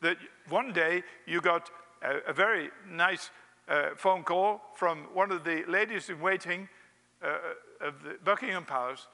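A man's voice: high-pitched, measured pace, sharp tone, in a large hall. A man preaching a sermon, telling a wry anecdote and acting out its quotes.

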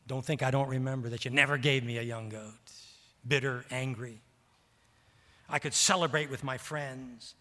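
A man preaching a sermon in a church, animated and voicing the characters' words, repeating phrases for emphasis. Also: medium pitch, normal speed. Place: church sanctuary. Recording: long reverb of a large hall.

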